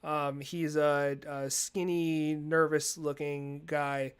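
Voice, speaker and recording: A man runs a tabletop game, narrating scenes in a relaxed way with many fillers. His voice sits high and sounds smooth and clean. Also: slow. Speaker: game master.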